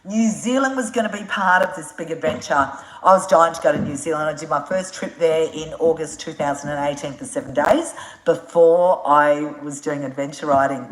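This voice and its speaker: Frank, chatty Australian woman on a live stream, very deep voice, roomy echo. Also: normal speed. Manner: frank and chatty, swears freely, laughs often. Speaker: adventure motorcycle traveller answering viewer questions. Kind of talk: casual live-stream chat.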